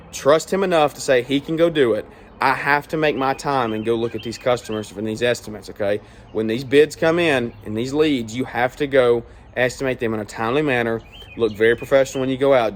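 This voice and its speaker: A little hiss or hum accompanies this mid-range male voice. The speaker, owner of a small lawn care business, gives no-nonsense advice in a laid-back vlog, tagging points with "all right?" and "okay?"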